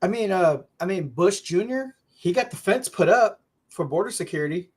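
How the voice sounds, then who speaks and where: A man's voice: high voice, expressive, moderate pace, husky. A man co-hosting a casual talk show, pushing his political view with insistent repetition and frequent restarts. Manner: insistent, repeats his points, stumbles over restarts.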